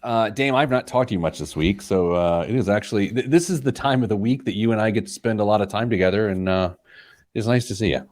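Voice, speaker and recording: A man's voice: on the low side, fast talker, a little mellow. A middle-aged man hosting a money radio show, joking loosely with his co-host. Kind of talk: casual banter, then show intro.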